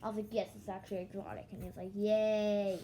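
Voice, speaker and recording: A woman's voice: medium pitch, little pitch movement, very fast, warm tone, poor audio. A young woman rambles through a story from home, her voice sleepy and yawning. She stumbles and restarts often, slipping into quoted back-and-forth as she acts out what others said. A faint hum of room ambience sits underneath. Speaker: vlogger.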